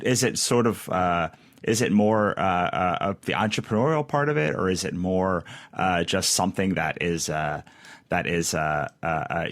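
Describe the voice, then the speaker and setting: Very deep-voiced man asking haltingly. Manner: hesitant, many fillers and restarts. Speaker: podcast host. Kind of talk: podcast interview.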